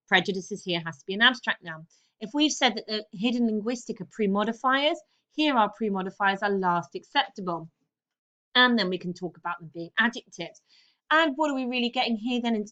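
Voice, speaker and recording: A woman English teacher taking a class through text analysis, brisk and encouraging, repeating key phrases. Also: medium pitch, pushed and bright. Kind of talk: recorded lesson on text analysis.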